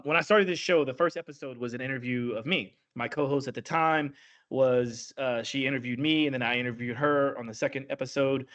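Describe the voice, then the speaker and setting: A man's voice: medium pitch, fairly bright tone. Chatty man, podcast host. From Southern United States. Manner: laughs easily, rambling and chatty. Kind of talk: casual interview chat.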